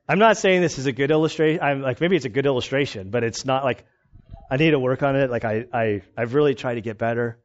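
A male pastor preaching in a casual, storytelling way, animated and self-mocking, often laughing. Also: mid-range voice, fairly quick, long pauses. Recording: dull lo-fi recording.

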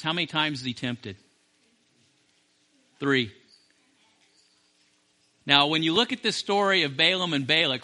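A male preacher with a high, sharp, tense voice delivers an impassioned sermon. He loops back over phrases and restarts lines as he drives each point home. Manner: impassioned, repeats phrases and restarts mid-sentence.

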